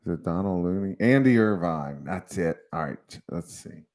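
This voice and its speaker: A man's voice: low-pitched, expressive, moderate pace, darkish tone. A man hosting a casual livestream, rambling and chatty and often laughing as he talks. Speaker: livestream host.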